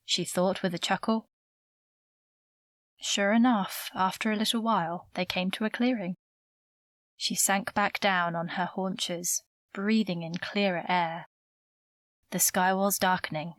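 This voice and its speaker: A woman narrating an audiobook novel in a measured, even storytelling voice, close to the mic. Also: mid-range voice, dry recording. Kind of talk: scripted narration.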